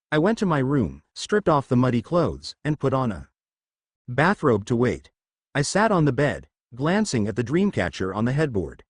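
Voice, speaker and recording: A man's voice: medium pitch, no echo, clean studio sound. A man narrating a first-person fan fiction story in a dramatic reading.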